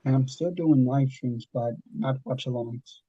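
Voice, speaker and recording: Laid-back male streamer with a very dark, husky voice on a dull, lo-fi mic. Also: mid-range voice, a little slow, no echo. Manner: laid-back, plugs his channels. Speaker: livestream host. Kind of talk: casual livestream chat.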